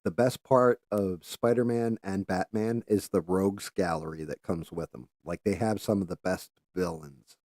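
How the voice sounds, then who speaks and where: Guy streaming from his hobby desk, low warm voice, rambly and sweary, dry close sound. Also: fairly even intonation, moderate pace, few pauses, no echo. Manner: rambling, casual, swears freely; talks while doing careful handwork, trails off at times. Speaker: livestream host. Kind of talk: casual livestream chat while painting.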